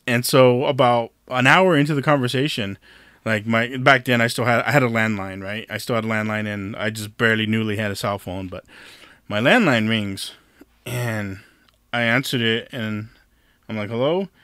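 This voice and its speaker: Bright-voiced man telling a rambling story. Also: fairly low pitch, fairly even intonation, moderate pace, clear, resonant tone, dry recording, studio quality. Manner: rambling, swearing, laughing often, lots of fillers and restarts. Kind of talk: casual storytelling chat.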